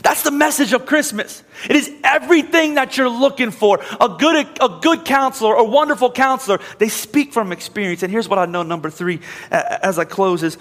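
High-voiced emphatic man preaching. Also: fairly quick. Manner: storytelling, emphatic. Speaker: pastor. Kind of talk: sermon. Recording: reverberant hall with soft music.

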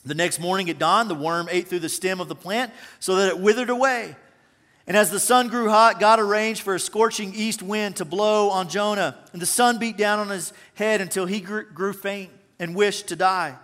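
A man in his thirties preaching a sermon, animated and humorous, telling stories with swings in volume. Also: sits high, moderate pace. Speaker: pastor. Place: church auditorium. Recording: long hall reverb.

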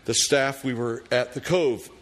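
A middle-aged man preaching a sermon as a pastor, reading scripture prayers with rising fervor and telling a personal story. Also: medium pitch. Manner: slow, deliberate preaching that rises to fervent loud prayer readings.

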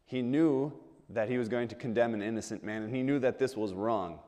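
Male preacher, mid-pitched voice, chatty sermon full of rhetorical questions, big hall echo. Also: a little fast, warm tone. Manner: conversational, asks the audience rhetorical questions, repeats words when restarting.

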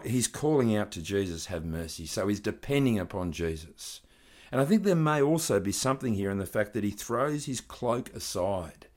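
A man preaching a sermon, reading scripture aloud and building earnest emphasis as he explains it. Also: fairly low pitch.

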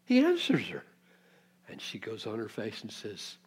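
A man's voice: fairly low pitch, huge pitch swings, measured pace, slightly rough. A man preaching an expository sermon, teaching reflectively and posing rhetorical questions to his listeners.

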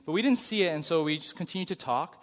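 A man telling a personal story to an audience, animated, acting out sounds and quotes. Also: fairly high pitch, fast talker. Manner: animated, acts out sounds and quotes, builds to shouting. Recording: long hall reverb.

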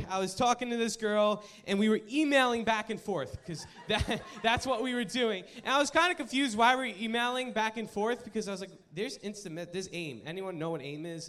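Young male preacher, high-pitched, lively storyteller to a live crowd. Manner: animated, jokey storytelling to a live room. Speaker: youth pastor. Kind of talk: sermon with personal story. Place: live room with an audience.

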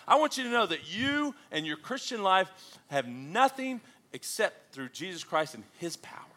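Bright, lively male preacher. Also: a little high. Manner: animated, joking, calls out to the congregation. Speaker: pastor. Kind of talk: sermon.

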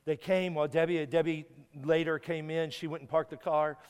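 A guest pastor telling a painful story in a sermon, tearful and halting, stumbling and repeating words as he is moved. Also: a little high, level tone, smooth. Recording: long hall reverb.

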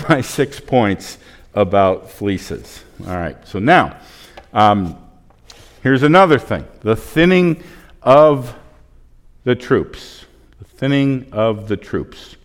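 A man preaching a sermon as a pastor, conversational with joking asides. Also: medium pitch. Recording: long hall reverb.

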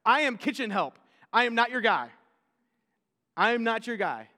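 A man's voice: extremely high pitch, sing-song, moderate pace, sharp tone, heavily acted. A man voicing Gideon, a timid young man who casually protests that he is not the one. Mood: protesting. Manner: casual, protesting and self-deprecating. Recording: long hall reverb.

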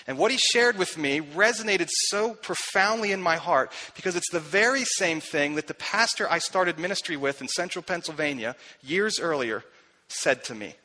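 A man, a pastor, telling a personal story in a sermon, earnest and confessional, growing soft and quiet when he recalls what was said. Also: high-pitched, expressive, moderate pace, poor audio.

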